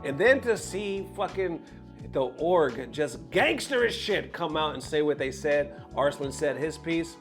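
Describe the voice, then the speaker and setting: High-voiced man ranting profanely. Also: a little slow, faint music behind. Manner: profane, animated ranting with jokes. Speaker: esports news host. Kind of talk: casual commentary vlog.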